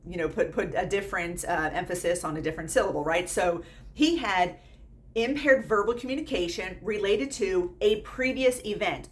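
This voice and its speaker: A nursing instructor in her thirties teaches students in a casual, blunt, lively manner, quoting them in put-on voices. Her voice sits on the low side, with slight background noise.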